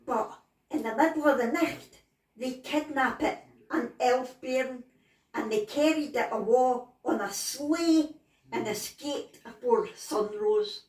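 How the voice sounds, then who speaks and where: Pixie, female, small, blunt, Scottish , voiced by a woman storyteller; slightly high, distant roomy sound. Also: takes it slowly, darkish tone. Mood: matter-of-fact. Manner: blunt, matter-of-fact Scots storytelling.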